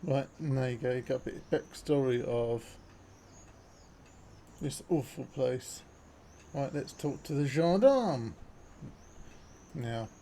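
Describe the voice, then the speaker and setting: A man's voice: mid-range voice, slow, long pauses, a little hiss or hum. Laid-back man commentating a game. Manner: relaxed, offhand. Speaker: gameplay commentator. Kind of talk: casual playthrough commentary.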